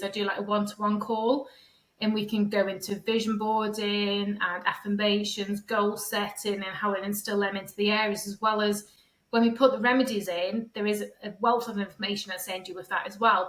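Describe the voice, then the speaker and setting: A middle-aged woman, a feng shui and decluttering coach, appears as a podcast guest in a casual interview, speaking at medium pitch with a fairly bright tone. She rambles chattily, keeps adding "sort of thing," and acts out quoted voices. The recording is rough and sounds roomy.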